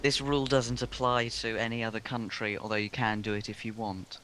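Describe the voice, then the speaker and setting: A man's voice: on the low side, little pitch movement, a little fast, fairly bright tone. A man chatting over a train game, hesitant with many ums and a dry sense of humour. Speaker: co-host. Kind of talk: casual gameplay chat. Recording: clear background noise.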